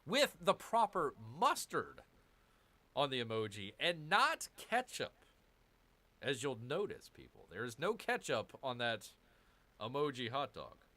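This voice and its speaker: Animated, bright-voiced man grumbling over a game. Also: mid-range voice, unhurried. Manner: exasperated, grumbling asides. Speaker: streamer playing a strategy game. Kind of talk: gameplay commentary with chat reading.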